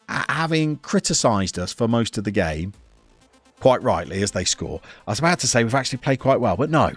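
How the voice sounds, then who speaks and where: A man from the English Midlands with a soft Birmingham accent, chatting casually and wryly to his chat while playing a football management game. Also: on the low side. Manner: wry, self-mocking chatter to chat. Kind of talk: casual live-stream commentary.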